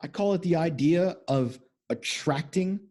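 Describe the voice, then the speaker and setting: A man's voice: fairly high pitch, lively intonation, unhurried, a little mellow. A man hosting a podcast as a men's coach, talking bluntly and emphatically with lots of swearing. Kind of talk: motivational podcast monologue.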